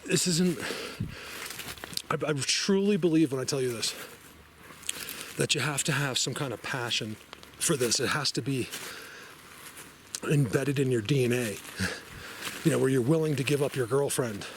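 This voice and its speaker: A man of ordinary pitch rambles excitedly to his camera while out in a forest. He chats casually, laughs often and jumps from thought to thought. Steady outdoor noise sits clearly behind his voice. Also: normal speed, pauses often. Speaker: vlogger.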